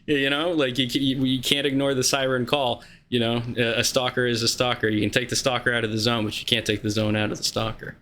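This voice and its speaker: Excitable male podcast host. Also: fairly quick, few pauses. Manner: excitable, breaks into high-pitched shouts when thrilled. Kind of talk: casual podcast chat.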